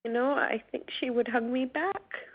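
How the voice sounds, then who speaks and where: A woman volunteer caller answering hesitantly and quietly during a healing session. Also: a little high, moderate pace, husky. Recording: dull lo-fi teleconference line.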